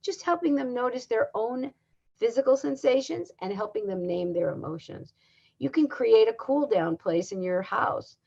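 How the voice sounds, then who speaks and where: An older woman giving a recorded talk as a parenting educator, speaking in a calm, measured and instructive way. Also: on the high side, gravelly. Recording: dull lo-fi sound.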